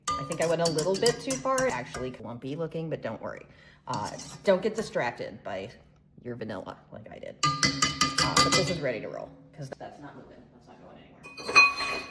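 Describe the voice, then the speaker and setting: Chatty low-voiced woman teaching baking. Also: very noisy. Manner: chatty and joking, talks to viewers while working. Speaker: baking instructor and shop owner. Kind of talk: casual cooking tutorial.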